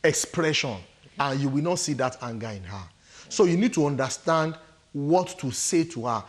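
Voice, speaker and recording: On a studio talk show, a guest counsellor with a Nigerian English accent gives emphatic relationship advice. His fairly high voice moves at a moderate pace with lively intonation, and he acts out quotes and laughs often.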